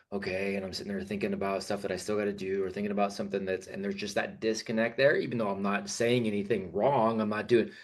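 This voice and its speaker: Low-voiced man hosting a mentoring call. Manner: affirming, calls people man. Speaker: host of a men's mentoring call. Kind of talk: casual coaching chat.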